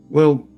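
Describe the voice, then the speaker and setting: Game master plays a polite, uneasy male official in a tabletop game, faint music under him. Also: dull audio. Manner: hesitant, polite, awkward. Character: fussy male official at the docks.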